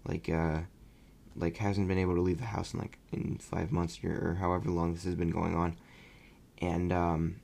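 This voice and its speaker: A young man casually reviewing a movie on his podcast, rambling and animated. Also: low voice, moderate pace, creaky. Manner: rambling, animated, mocking voices when quoting. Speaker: podcast host.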